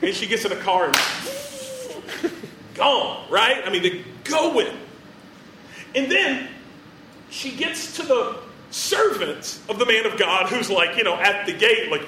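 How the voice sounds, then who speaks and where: A man's voice: very high voice, big pitch swings, slow, pauses often, bright, forceful tone, reverberant, recorded from a distance, a little hiss or hum, low-quality recording. A man preaching a sermon in a chatty, joking storytelling way, full of fillers.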